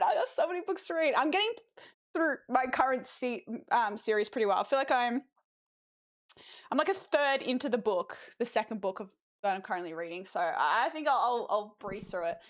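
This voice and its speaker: A young adult woman streaming, chatting casually in a slangy way and laughing easily. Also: high-pitched. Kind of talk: casual chat.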